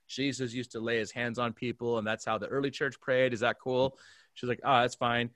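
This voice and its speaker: A man who is a pastor, telling a story in a remote conversation and acting out the dialogue with big swings in pitch and loudness. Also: normal speed, no room sound, clean studio sound. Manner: animated storyteller, acts out dialogue with big jumps in pitch and volume. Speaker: pastor, guest.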